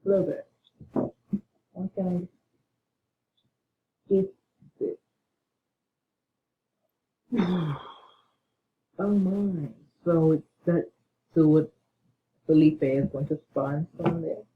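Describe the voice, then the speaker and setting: Excitable gamer guy on a tinny mic. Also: on the high side, very slow, pauses often. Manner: excitable, bursts into panicked yelling; mutters quiet asides under his breath. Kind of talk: gaming commentary. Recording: tinny phone-like mic with faint hiss.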